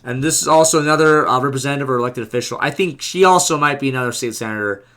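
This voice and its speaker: A man casually narrating his vlog, excited and rambling with lots of fillers. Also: medium pitch, rapid-fire. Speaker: vlogger.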